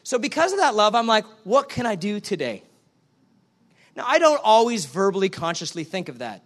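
High-voiced man preaching a sermon. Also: normal speed. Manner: animated, acts out both sides of dialogues. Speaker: pastor.

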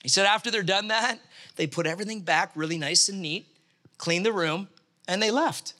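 A man delivers a storytelling sermon with a fairly high, very bright and forceful voice. He is animated throughout and acts out the voices of the people in the story as he goes. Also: moderate pace.

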